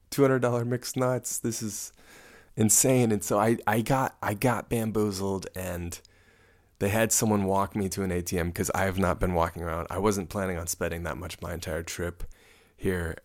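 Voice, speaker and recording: A young man casually recounting a travel mishap, rambling and self-mocking, often laughing as he tells it. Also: deep voice. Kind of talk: casual storytelling to camera.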